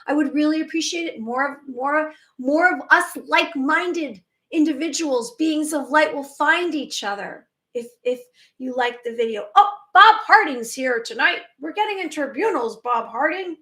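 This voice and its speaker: High-voiced woman hosting a live stream. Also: normal speed, bright, forceful tone. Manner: emphatic, chatty, restarts words. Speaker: spiritual channel host.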